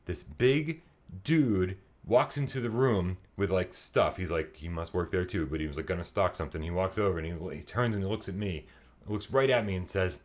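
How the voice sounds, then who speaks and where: A man co-hosting a podcast, telling a story in a casual, animated way, laughing often and swearing freely. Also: low-pitched, moderate pace, background noise. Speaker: podcast co-host.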